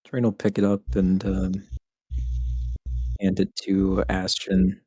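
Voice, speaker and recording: A young man player in a tabletop game, joking and talking in quick laughing bursts. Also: low voice, monotone, mellow, husky, no room sound, soft background music. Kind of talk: casual tabletop game chat.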